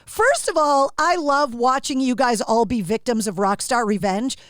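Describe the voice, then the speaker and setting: Middle-aged woman host, high bright voice, dry room, chatty radio interviewer. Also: normal speed, dry recording. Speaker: podcast host. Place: her radio studio.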